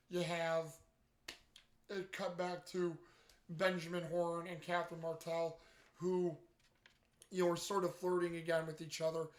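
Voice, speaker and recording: A casual, rambling recap of a TV episode, full of "you know" fillers and mid-sentence self-corrections. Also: mid-range voice. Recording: roomy echo.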